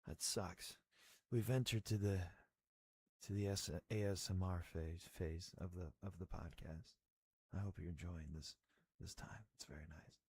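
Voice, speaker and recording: A man's voice: sits low, fairly even intonation, measured pace, long pauses, darkish tone. A young man chatting casually on a livestream while crafting, rambling with goofy, playfully sarcastic asides in a slightly crackly voice. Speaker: streamer.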